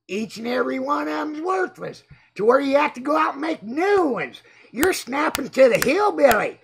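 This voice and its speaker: A man with a drawl rants on his livestream, reading comments and taunting critics loudly. His voice is heavily gravelly and husky, slow-paced, and swings widely in pitch as he shouts. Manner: loud, mocking, excitable, often shouting. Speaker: livestream host. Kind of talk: casual livestream rant reading chat.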